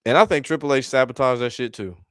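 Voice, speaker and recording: A man's voice: mid-range voice, fast talker, a bit bright, clean tone, no room sound. A man ranting bluntly in a casual vlog, exasperated and swearing freely as he reacts to his chat. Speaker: wrestling commentary vlogger.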